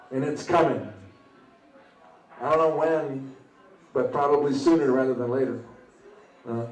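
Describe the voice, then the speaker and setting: A man's voice: a little high, a little mellow. Older man telling a war story at an open mic. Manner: conversational, halting, with frequent "you know" tags. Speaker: veteran speaker. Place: open mic at a small venue. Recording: roomy sound from a distant mic.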